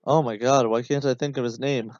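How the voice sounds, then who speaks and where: A man's voice: mid-range voice, steady tone, a little fast, a little mellow, no room sound. Guy doing a podcast watch-along, rambly and sarcastic, lots of ums, kinda dull dry mic sound. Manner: exasperated, sarcastic, rambling with many fillers. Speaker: podcast host. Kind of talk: casual watch-along commentary.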